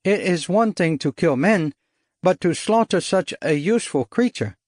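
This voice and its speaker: A man voicing an excitable male jungle guide who speaks in halting, formal phrases in an audiobook. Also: high-pitched, dry recording, clean studio sound, pitched above the performer's own voice. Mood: regretful. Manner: exclaiming, halting formal speech. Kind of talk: audiobook character voice.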